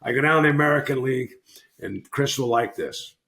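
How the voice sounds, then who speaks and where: A man's voice: medium pitch, fairly quick, vocal fry, pushed and bright. A man in his sixties, a former hockey player, rambling animatedly and correcting himself as he tells a podcast story. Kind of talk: casual storytelling. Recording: roomy echo.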